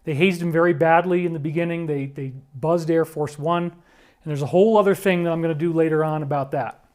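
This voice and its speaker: A man with a fairly high voice walks the listener through photos in earnest, conspiratorial commentary. His talk is full of restarts, and he turns pleading and choked up, close to tears. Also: steady tone, brisk, a little mellow. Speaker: speaker presenting disclosure claims. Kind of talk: emotional commentary over photos.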